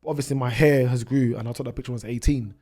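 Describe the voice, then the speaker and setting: Fast-talking British man telling travel stories. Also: mid-range voice, fairly even intonation, warm tone. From United Kingdom. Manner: rapid anecdotes with many restarts. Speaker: guest, travel YouTuber. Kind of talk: storytelling in a podcast interview.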